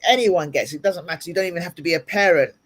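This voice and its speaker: A woman's voice: on the low side, quick pace. A woman speaks as an interview guest and gives earnest, motivational advice. She repeats her key points for emphasis. The sound comes through a video-call microphone. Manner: earnest, advising, repetitive for emphasis. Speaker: guest speaker and ministry leader.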